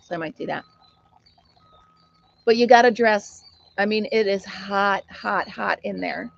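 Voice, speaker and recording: A woman's voice: medium pitch, measured pace, gravelly, highs cut off. A middle-aged American woman hosting a casual live stream chat, telling a funny story and laughing often as she reads viewer comments.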